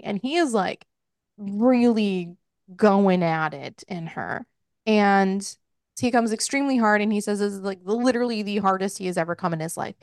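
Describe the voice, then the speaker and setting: A woman's voice: mid-range voice, expressive, moderate pace, dry recording, clean studio sound. A young woman hosting a podcast, casually recapping a book in a chatty, profane way with frequent laughter. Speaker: podcast host.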